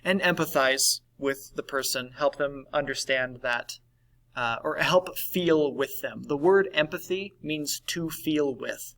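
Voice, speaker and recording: A man's voice: a little high, slow pace, fairly bright tone, low-quality recording. A man teaching a recorded lesson in a conversational way, often checking in with "right?". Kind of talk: recorded class lesson on validation.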